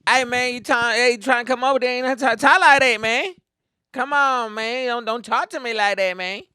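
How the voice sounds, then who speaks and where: A man imitating a swaggering young male friend who talks in fast, repetitive street slang. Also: extremely high pitch, pushed and bright, smooth, dry recording, studio quality, pitched above the performer's own voice, exaggerated voice. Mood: cocky.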